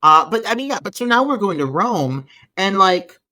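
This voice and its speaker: A man co-hosting a podcast, chatting casually about a film, animated and swearing freely as he lays out his gripes. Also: high-pitched, moderate pace, no room sound. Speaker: podcast co-host. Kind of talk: casual film review chat.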